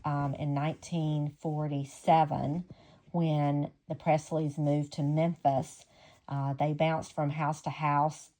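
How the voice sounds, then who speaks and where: Low, mellow woman reader for a memoir audiobook, measured and unhurried, with casual asides. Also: flat delivery.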